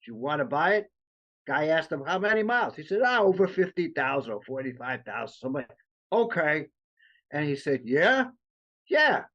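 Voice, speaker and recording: A man co-hosting a casual talk show, telling a story in halting bursts and acting out the quoted lines. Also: on the high side, expressive, fairly bright tone. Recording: dull lo-fi sound.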